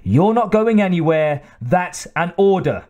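Guy putting on a tough lady captain, shrill and bossy, voice pushed up high, audiobook. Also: big pitch swings, a little slow, a little mellow. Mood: commanding. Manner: shrill commanding orders. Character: tough woman marine captain, wary commander.

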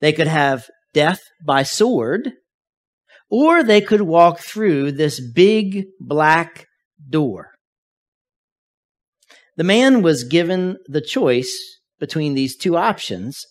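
Higher-voiced man preaching a sermon. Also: sing-song, takes it slowly. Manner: storytelling, varies loudness for emphasis. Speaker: pastor.

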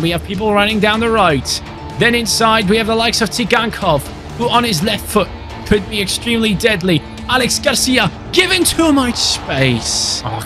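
A young man commentating his own football video game match, swinging between grumbling and excited shouting. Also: fairly high pitch. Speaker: gaming YouTuber. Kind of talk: gameplay commentary.

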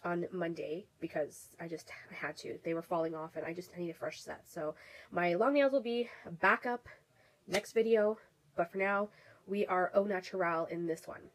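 A woman's voice: on the low side, fairly even intonation, moderate pace, low-quality recording. A woman with a cold and a congested voice chats through a casual beauty product review, rambling with lots of ums and restarts. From Canada. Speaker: beauty vlogger.

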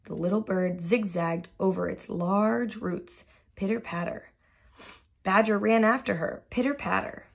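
Woman teacher, expressive storybook reading, gravelly, husky. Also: mid-range voice, a little slow. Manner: expressive read-aloud with sound words. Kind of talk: reading a storybook aloud, then quiz questions.

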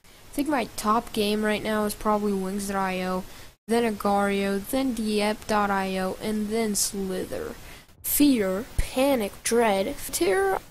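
A woman giving casual, excitable gameplay commentary with loud exclamations. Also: mid-range voice, measured pace, a little hiss or hum. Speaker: gaming channel host.

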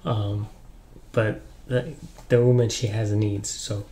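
A young man giving casual relationship advice in a relaxed, rambling way, with lots of ums and you-knows. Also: lowish voice, slow pace, slight background noise. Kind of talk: casual advice talk to camera.

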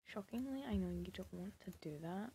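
A woman's voice: mid-range voice, animated, a little fast, creaky, warm tone, a little hiss or hum. A woman giving casual, sarcastic commentary over a life-sim game, scolding the characters and often dropping to a whisper. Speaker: gaming video creator.

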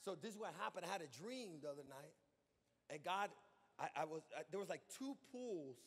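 Preaching pastor in a reverberant church. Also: male voice, high-pitched, expressive, brisk, breathy edge. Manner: preaching with rising shouts and call-and-response. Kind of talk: sermon. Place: church sanctuary.

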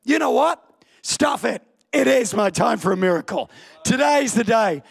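A man voicing a desperate blind beggar who shouts and pleads. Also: very high-pitched, lively intonation, normal speed, vocal fry, slightly rough, full character voice. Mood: defiant.

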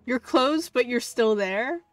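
A woman streamer gives playful live commentary on a game in a slightly high voice, drawn out at a slow pace. She is easily excited, gasping and cooing, and now and then drops a swear. Soft game music plays quietly behind her. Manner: excitable, gasps and coos, swears lightly. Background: faint game music.

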